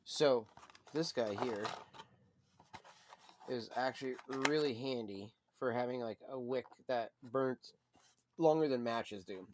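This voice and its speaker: Relaxed rambling man hosting a stream. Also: mid-range voice, slow pace, long pauses, a little hiss or hum. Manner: rambling, filler-heavy, relaxed. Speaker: pipe smoking channel host. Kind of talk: casual livestream chat.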